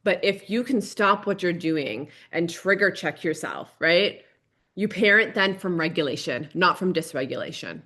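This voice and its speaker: A woman's voice: fairly low pitch, lively intonation, normal speed, sharp tone. A woman hosting a parenting podcast solo, earnest and repetitive, often checking in with "right?". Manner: earnest, repeats key points, frequent "right?".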